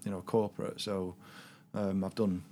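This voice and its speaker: A man guesting on a podcast, speaking in a measured way with many fillers. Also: sits low, little pitch movement, mellow, slight background noise. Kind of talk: casual chat.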